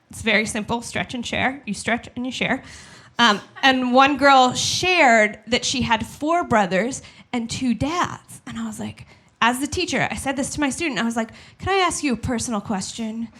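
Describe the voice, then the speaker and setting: A woman's voice: a little high, fairly bright tone. A young woman doing a stand-up comedy set in a small studio, chatty and self-deprecating, acting out the voices of people she quotes. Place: small studio with live audience.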